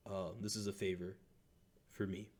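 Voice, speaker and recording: A man as a game master doing a proud, vengeful male crime boss in a tabletop game. He speaks in a deep, level voice, calm and measured, with threat simmering underneath. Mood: scheming. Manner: calm and measured, flaring into booming rage.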